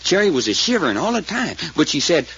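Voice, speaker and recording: Folksy, plainspoken sidekick. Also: male voice, fairly high pitch, big pitch swings, a bit bright, slight background noise. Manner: folksy, rustic grammar, halting retelling. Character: homespun loyal male sidekick, plainspoken. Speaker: witness recounting events. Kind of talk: 1940s radio acting. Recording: dull lo-fi old radio recording.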